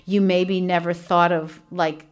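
A woman's voice: on the low side, flat delivery, unhurried. A woman hosting a solo devotional podcast from a small home studio, talking earnestly and chattily with many fillers. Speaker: podcast host. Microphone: studio microphone with earphones.

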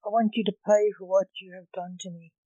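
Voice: medium pitch, little pitch movement, fairly quick, dark tone, dry recording, muffled recording, lightly acted. A reader voicing a nervous murdered ghost man.

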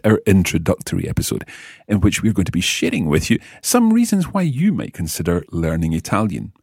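A man's voice: fairly low pitch, a little mellow, husky, no echo, studio quality. A man hosting a language-lesson podcast as the teacher, with an enthusiastic, teacherly delivery.

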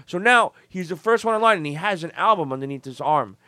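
A man's voice: a little high, lively intonation, quick pace, dry recording. A man hosting a show, telling stories in casual chat, swearing freely and restarting his sentences. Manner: profane, stammering restarts, loud laughing outbursts. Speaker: podcast host.

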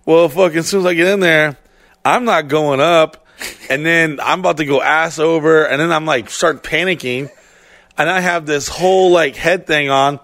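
A man co-hosting a podcast, telling stories in a casual, animated, heavily profane way and acting out what people said. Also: on the high side, moderate pace, no echo. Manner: profane, animated storytelling with acted-out quotes. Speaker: podcast co-host. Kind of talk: casual storytelling chat.

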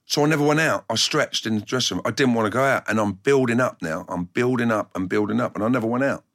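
A man, a former footballer, telling blunt, animated stories from his playing days and putting on voices when he quotes people. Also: medium pitch, quick pace. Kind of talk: anecdotal storytelling in a documentary interview.

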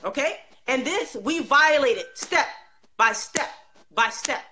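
A woman's voice: sits high, animated, measured pace, sharp tone, slight background noise. A woman speaking passionately and emphatically in a religious discussion, with pointed rhetorical questions.

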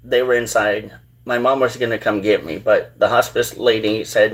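A man hosting his own show, telling a personal story in a halting, rambling, earnest way. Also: on the low side, steady tone. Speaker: show host.

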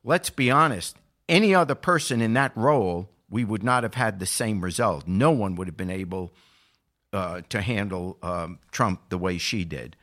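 An older man giving political commentary as a show regular, building from calm remarks to impassioned, indignant emphasis. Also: lowish voice, moderate pace. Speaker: podcast regular.

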